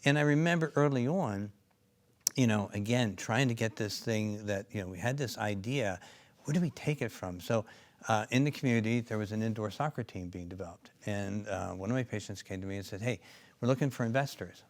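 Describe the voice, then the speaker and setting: A man's voice: on the low side, a little fast. Rambling man telling stories in an interview. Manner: rambling, many asides and restarts. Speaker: company co-founder and clinician. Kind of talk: interview storytelling.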